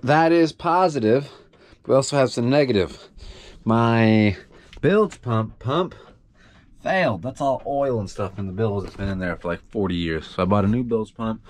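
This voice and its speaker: A young man vlogging casually aboard his small sailboat, swearing freely with bursts of excitement. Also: lowish voice, moderate pace. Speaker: solo sailor vlogger. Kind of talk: casual vlog narration. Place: aboard a small sailboat, engine bay and open deck. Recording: noisy outdoor boat audio.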